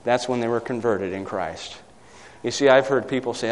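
A man's voice: mid-range voice, normal speed, slight background noise. A man preaching a sermon, asking the congregation questions and reading scripture aloud. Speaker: pastor. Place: church. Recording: church hall with long reverb.

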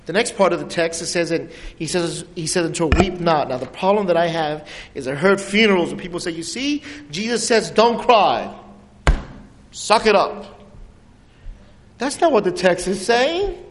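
Pastor, male, high voice, animated sermon delivery with big pitch swings and quiet drops, long hall reverb. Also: brisk, slight background noise.

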